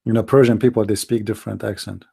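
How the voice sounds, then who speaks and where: A man's voice: lowish voice, fairly even intonation, quick pace, gravelly, warm tone, breathy edge. Emphatic man hosting a live debate stream. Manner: emphatic, rhetorical questions, non-native grammar. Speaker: live debate show host.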